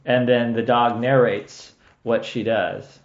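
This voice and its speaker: A man's voice: medium pitch, little pitch movement, slow. A man co-hosting a podcast in a casual, rambling chat, laughing often. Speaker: podcast co-host. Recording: echoey room, dull lo-fi sound.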